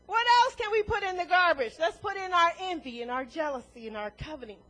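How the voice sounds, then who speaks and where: A woman delivers a sermon in a very high voice. She preaches in an animated way, laughs often and acts out the voices she quotes. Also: a little fast, low-quality recording.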